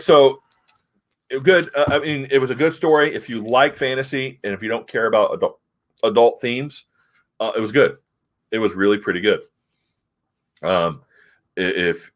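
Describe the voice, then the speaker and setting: Rambling low-voiced man reviewing comics. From United States. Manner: rambling, hesitant, frank. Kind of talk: casual chat.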